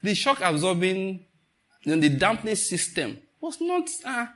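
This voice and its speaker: A man's voice: high voice, sing-song, unhurried, a bit bright. A man with a Nigerian accent preaching a sermon to a congregation, telling stories with chuckles and asking the listeners to answer. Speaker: pastor.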